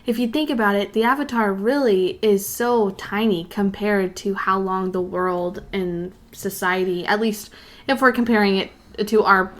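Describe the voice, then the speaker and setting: A woman's voice: mid-range voice, fairly even intonation, unhurried. A woman co-hosting a podcast in casual chat, talking freely with many "like" and "you know" fillers. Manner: chatty, lots of "like" and "you know". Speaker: podcast co-host.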